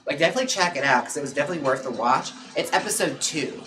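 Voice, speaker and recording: A young man who performs in drag is live-streaming against a noisy background with music playing. Speaking in a mid-range voice, he chats and gossips as he goes through viewer comments, leaning heavily on "like" and "girl" and breaking into quick laughs.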